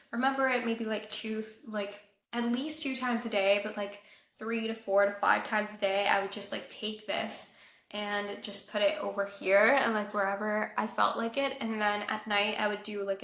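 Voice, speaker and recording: A young woman from Colombia talks through a casual beauty review in a bright, fairly high voice with a gravelly edge. She drops "like" all through her sentences and sounds a touch nasal from a fading cold. The room around her is echoey. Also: slight background noise. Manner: chatty, says "like" often. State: recovering from a cold, a bit nasal. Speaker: beauty vlogger.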